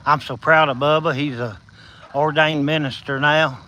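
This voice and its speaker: With a fairly high, steady, bright and forceful voice at a moderate pace, a Southern-accented man livestreams while walking outdoors at night, insects behind him. Folksy and encouraging, he addresses viewers by name, a little out of breath and slurring slightly without his top teeth. The highs are cut off and there's slight background noise.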